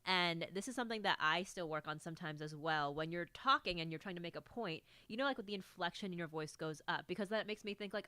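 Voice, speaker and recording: A woman guest in a radio studio giving feedback in a casual chat, a self-described fast talker. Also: on the low side, pushed and bright, dry recording. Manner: fast-talking. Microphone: studio mic.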